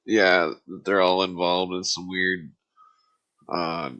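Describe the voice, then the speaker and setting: A man's voice: low-pitched, flat delivery, slow, sharp tone, highs cut off. A man hosting a podcast, who reacts with easy amazement and drawls through casual chat. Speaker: podcast host.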